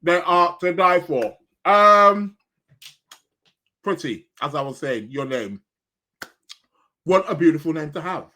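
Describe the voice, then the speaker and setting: A man's voice: on the high side, lively intonation, slow, long pauses, bright, forceful tone. A man hosting a live astrology podcast, chatting casually with many fillers and restarts while eating. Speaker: podcast host. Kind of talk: casual live-stream chat.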